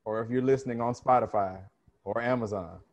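A man's voice: mid-range voice, a little fast, dull audio. A man hosting a podcast, chatting casually and rambling with restarts. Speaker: podcast host. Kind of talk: casual chat.

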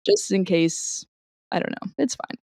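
A woman's voice: medium pitch, lively intonation, unhurried, gravelly, darkish tone, dry recording, studio quality. A woman co-hosting a podcast, talking emotionally in a rambling, casual chat. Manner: emotional, rambling, swears and laughs. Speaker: podcast co-host.

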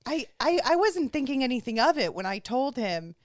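A woman's voice: sits high, very animated, moderate pace, dry recording, clean studio sound. A woman hosting a podcast, chatting candidly and rambling a little with false starts. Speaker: podcast host. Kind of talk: casual chat.

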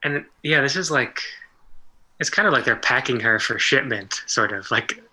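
Bright, halting man in casual chat. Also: mid-range voice, animated, poor audio. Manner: halting, fills nearly every phrase with "like". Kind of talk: casual conversation.

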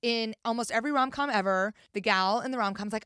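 A woman's voice: mid-range voice, quick pace, no echo, clean studio sound. A woman, an author and podcast guest, chatting casually and acting out quotes as she tells stories. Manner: animated storyteller, acts out quotes. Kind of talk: casual chat.

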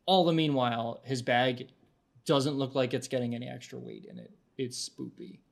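A man's voice: mid-range voice, fairly quick, creaky. A man narrating a tabletop game as game master, descriptive, often restarting his sentences.

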